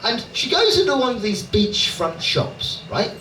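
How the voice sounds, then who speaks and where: Male comic from Dorset, chatty and sweary, high pitch, recorded from a distance. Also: sing-song, measured pace. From Dorset, England. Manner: chatty, profane, frequent "right?" tags. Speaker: stand-up comedian. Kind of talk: live stand-up with crowd work. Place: comedy club in London. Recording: roomy live club, loud audience noise.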